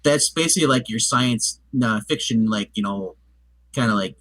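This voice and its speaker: A man talks through a film in loose, rambling chat, stacking fillers and restarting his sentences. His voice is bright and clear. The sound is dry and close, with no room echo. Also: lowish voice, moderate pace. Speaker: movie review co-host. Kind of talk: casual chat.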